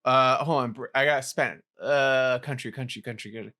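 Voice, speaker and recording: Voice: mid-range voice, fairly even intonation, fairly quick, pushed and bright. A co-host running a quiz on a casual podcast, teasing and laughing along. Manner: teasing, giggly quizmaster.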